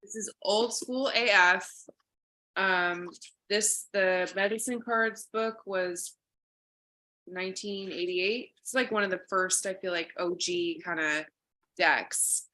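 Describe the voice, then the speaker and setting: A woman's voice: medium pitch, steady tone, slow, pushed and bright. A woman guest reading a spiritual card story aloud and chatting in an earnest, reflective way.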